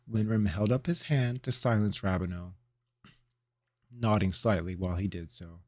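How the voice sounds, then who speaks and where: A man narrating a fantasy story aloud in a measured, expressive storytelling manner. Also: fairly low pitch, no echo, studio quality. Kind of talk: audiobook reading of a fantasy story.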